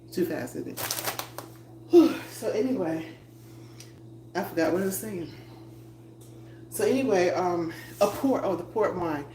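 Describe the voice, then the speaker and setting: Low-voiced woman chatting while cooking. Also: dark tone. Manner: chatty, laughing, moving around the kitchen. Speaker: vlogger cooking on a livestream. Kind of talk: casual chat to viewers while cooking. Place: home kitchen. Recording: echoey room, voice drifting off-mic, noisy.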